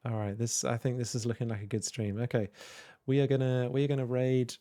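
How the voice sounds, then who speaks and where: A man's voice: mid-range voice, little pitch movement, a little fast, warm tone, dry recording, studio quality. A man hosting a casual livestream, chatting to viewers in a rambling, hesitant way with many fillers. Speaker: livestream host. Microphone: desk microphone with headphones.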